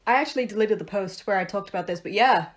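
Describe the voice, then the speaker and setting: A woman's voice: mid-range voice, fast talker. A young woman from Ireland who speaks with an American accent, telling a story in a chatty, self-mocking way. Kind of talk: casual storytelling to camera.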